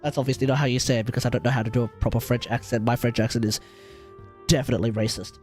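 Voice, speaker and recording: An Australian streamer reacting loudly to a video game, excitable and crude. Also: mid-range voice, racing, soft background music. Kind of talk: live gameplay reaction.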